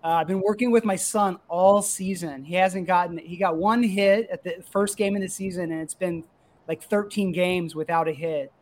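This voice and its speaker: A middle-aged man, a comic creator and youth baseball coach, telling an excited, emotional story in casual chat. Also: high-pitched, moderate pace, slight background noise.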